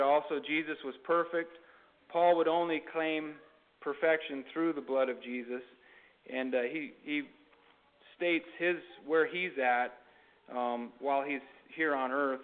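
A man giving a sermon, reading scripture aloud and then explaining it with halting, filler-heavy talk. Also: fairly high pitch, steady tone. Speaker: preacher. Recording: tinny phone-like sound.

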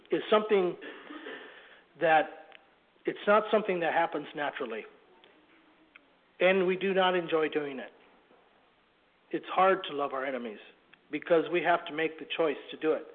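A man giving a sermon, telling stories in a halting way, often repeating words and clearing his throat. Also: a little high. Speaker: preacher. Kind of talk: sermon storytelling. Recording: tinny phone-like line.

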